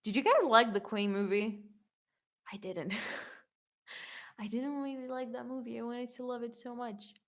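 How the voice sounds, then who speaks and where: A young woman in a casual Q&A video, reading viewer comments aloud and answering them in a chatty, rambling way, full of "like" and quick self-corrections. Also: fairly high pitch, steady tone. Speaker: YouTube singer answering fan questions.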